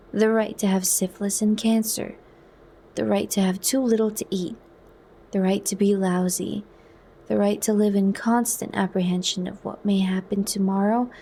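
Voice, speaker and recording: A woman voicing a defiant, intense young male outsider in a soft, earnest whispered role-play. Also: high voice, creaky, a little hiss or hum.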